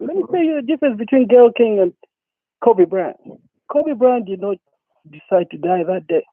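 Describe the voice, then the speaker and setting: A man phones in to a talk show and delivers an angry, profane, repetitive rant at a moderate pace. His voice sits high and sounds animated, on a dry recording through a tinny phone line.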